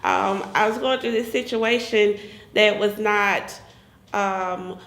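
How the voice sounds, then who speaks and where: A woman sharing an emotional personal testimony in a group talk, animated and repeating words for emphasis. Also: mid-range voice, slow, echoey room.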